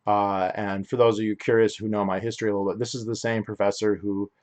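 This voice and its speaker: A somewhat low-voiced young man holding forth on his own podcast. He talks in a loose, opinionated ramble, often backing up mid-sentence to correct himself. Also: flat delivery, quick pace, a little mellow. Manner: rambling, opinionated, frequent restarts and self-corrections. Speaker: podcast host. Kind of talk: solo podcast monologue.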